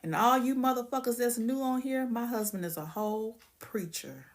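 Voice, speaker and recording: A woman's voice: a little high, normal speed. A woman hosting a casual livestream, ranting bluntly and profanely and greeting viewers by name. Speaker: livestream host.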